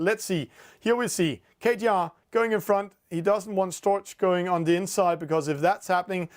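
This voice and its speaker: A man with a delivery giving live commentary on an online sailing race, full of fillers and jumping up at every penalty. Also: sits high. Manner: excitable, rises sharply at penalties, many fillers.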